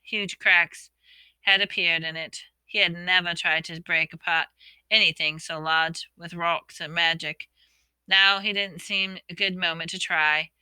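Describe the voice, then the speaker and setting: A woman reading a storybook aloud, expressively voicing the characters' shouts and whispers. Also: fairly low pitch, level tone, unhurried, clear, resonant tone, no echo. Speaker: audiobook reader.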